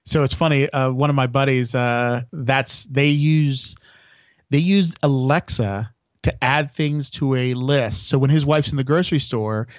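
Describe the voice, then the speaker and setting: A man's voice: mid-range voice, unhurried, no echo, muffled recording. A man chatting as a podcast guest, telling long stories with lots of restarts. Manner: rambling storyteller with many restarts. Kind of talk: casual chat.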